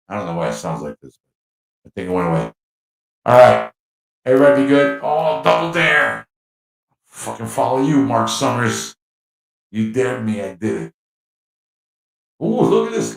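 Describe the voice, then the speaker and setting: A man's voice: on the low side, animated, normal speed, gravelly, pauses often, a little mellow. A man hosting a casual livestream, chatting in a rambling way and laughing at himself. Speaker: livestream host. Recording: echoey mic with faint music.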